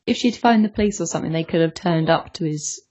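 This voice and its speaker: A woman co-hosting a podcast in relaxed casual chat, giving her opinions on a manga chapter. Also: low voice, fast talker, dull audio. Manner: relaxed, opinionated, with fillers and restarts. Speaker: podcast co-host.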